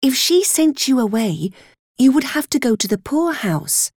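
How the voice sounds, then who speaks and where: A woman's voice: high voice, very animated, normal speed, darkish tone, husky, dry recording, clean studio sound, voice pushed up, exaggerated voice. A woman reading as a firm, admonishing nursemaid. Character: firm but softening adult nursemaid.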